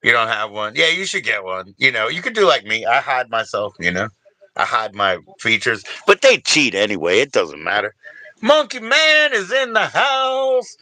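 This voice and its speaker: A man's voice: lowish voice, expressive, normal speed, pushed and bright, dry recording. An older man hosting a casual livestream, rambling and laid-back, reading out viewers' names and chatting with them. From Washington DC area, US. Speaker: livestream host.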